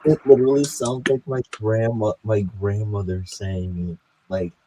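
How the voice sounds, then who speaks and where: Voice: mid-range voice, fairly even intonation, moderate pace. A speaker joining a casual stream, cracking jokes and interjecting. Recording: loud background noise.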